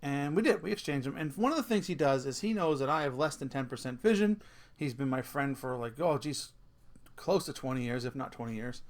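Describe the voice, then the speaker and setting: A man's voice: mid-range voice, expressive, fairly quick. A middle-aged man vlogging a casual rant, telling a story with swearing and laughing at himself.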